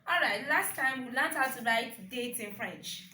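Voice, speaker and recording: Woman teacher, bright voice, patient and repetitive, frequent "okay?" check-ins, recorded at a distance. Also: sits high, expressive, a little slow, reverberant, a little hiss or hum. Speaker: French teacher. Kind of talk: online language lesson.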